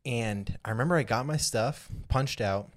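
A young man casually telling a long story on a podcast, peppered with "like" and animated retellings. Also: mid-range voice, normal speed. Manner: rambling, animated retelling with lots of "like". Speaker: podcast co-host.

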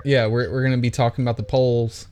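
A man's voice: mid-range voice, flat delivery, fast, a little mellow, a little hiss or hum. A man co-hosting a casual sports podcast, laughing often and stumbling over fillers. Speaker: podcast co-host. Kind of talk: casual chat.

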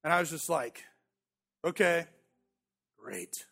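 A pastor in his thirties preaches slowly, sharing a personal story in a conversational, self-deprecating way and often repeating words as he goes. His slightly high voice is pushed and bright, with vocal fry and lively intonation.

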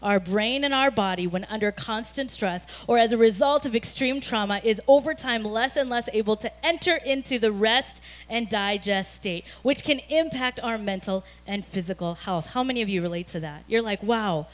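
Female pastor, high voice, casual conversational sermon delivery with animated stretches. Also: moderate pace, few pauses. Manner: conversational storytelling, animated when recounting; frequent fillers like "you know" and "like".

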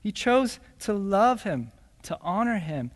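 Slow-preaching pastor in a reverberant hall. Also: male voice, sits high, sing-song. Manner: slow, emphatic preaching with rhetorical "right?" asides. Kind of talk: sermon.

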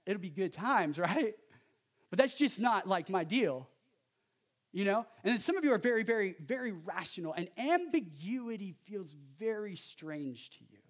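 Animated man preaching a casual sermon. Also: sits high. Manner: animated, conversational preaching with asides. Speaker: pastor.

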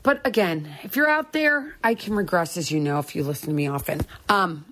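This sobriety podcast host, a middle-aged woman, talks briskly in a lowish voice with a fairly bright tone. She gives a candid personal monologue, earnest and encouraging, repeating her points.

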